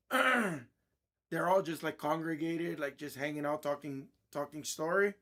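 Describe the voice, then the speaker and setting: A man's voice: on the high side, unhurried, pushed and bright. Irritated man telling a casual story. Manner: irritated, blunt anecdote telling with frequent throat clearing. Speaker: box break host.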